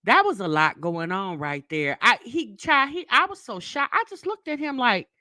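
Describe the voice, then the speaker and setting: A middle-aged woman, chatting casually on a live stream and telling stories, animated and laughing often. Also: fairly high pitch, moderate pace, no room sound. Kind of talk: casual live chat storytelling.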